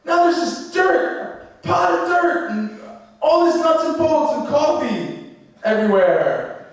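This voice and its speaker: Comic bit: a frantic, high-voiced nagging inventor, heard distant in an echoey room. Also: male voice, sing-song, slow, full character voice. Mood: exasperated whining. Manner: high-pitched, exasperated, nagging. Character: frazzled whiny man, the vacuum cleaner's inventor.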